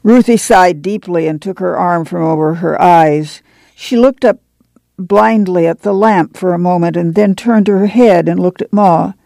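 A man narrating a novel in a calm, measured reading. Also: high voice, creaky, no room sound. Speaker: audiobook narrator. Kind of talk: scripted narration.

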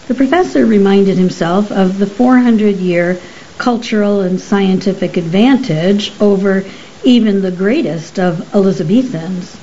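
A woman reads a novel aloud at a slow, measured pace. Her voice is mellow and even. The recording is slightly dull with a faint hiss underneath. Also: mid-range voice. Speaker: narrator. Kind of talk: audiobook narration.

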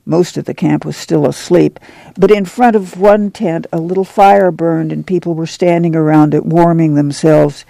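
A man narrating an audiobook in a measured, even storytelling manner. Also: a little high, vocal fry, no echo.

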